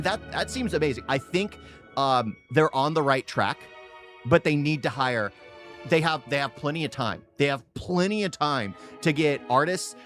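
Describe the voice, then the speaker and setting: A man's voice: on the high side, fairly bright tone. Rambling man reacting casually. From United States. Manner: rambling, repeats phrases for emphasis. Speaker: reaction video host. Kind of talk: casual off-the-cuff reaction commentary.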